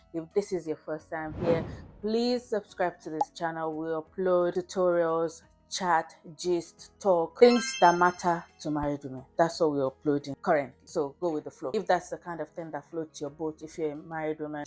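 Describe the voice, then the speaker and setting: A woman's voice: lowish voice, warm tone. A Nigerian woman hosting a casual cooking vlog from her home kitchen, chatty and playful, laughing often. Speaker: host.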